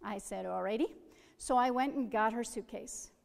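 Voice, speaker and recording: A middle-aged woman with a slightly high voice tells a personal story gently and with humor. Her voice carries a long, ringing reverb, as if she were heard in a big hall. She unfolds the tale at an easy storytelling pace. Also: moderate pace, vocal fry.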